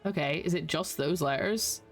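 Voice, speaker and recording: A streamer with a light Scottish accent talks through a game in casual let's-play commentary, at a mid-range pitch. They chat and think aloud while puzzling things out. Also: normal speed, faint music behind.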